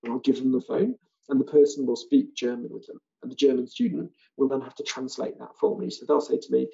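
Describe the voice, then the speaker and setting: A British man, a language teacher trainer, giving an animated online seminar talk and acting out other people's lines. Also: medium pitch, fast talker, gravelly, dull audio. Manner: animated, acts out students' and callers' lines.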